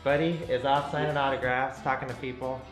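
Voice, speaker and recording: A man's voice: mid-range voice, level tone, brisk, fairly bright tone, reverberant, faint music behind, poor audio. A man co-hosting a racing talk show, laid-back and chuckling along. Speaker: co-host. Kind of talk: casual chat.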